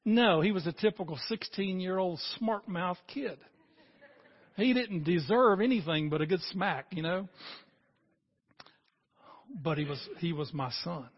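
A man's voice: sits high, measured pace, pauses often, breathy edge, highs cut off. A man in his sixties preaching a sermon as a pastor, talking earnestly and conversationally and building to emphatic peaks.

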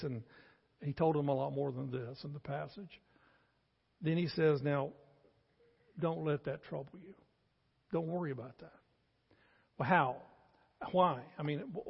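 A pastor delivers a sermon in a gravelly, slightly husky voice that sits a little high for a man. He talks to the congregation like a conversation and then presses his points hard. The sound is dull and carries a long church-hall echo. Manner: conversational preaching, rising to emphatic. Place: church sanctuary.

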